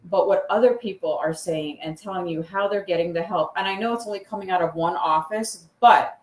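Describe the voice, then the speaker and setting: A woman co-hosting a live online chat, reading out viewer comments in a giggly, casual way. Her voice is on the low side for a woman. A roomy echo hangs around her voice. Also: brisk.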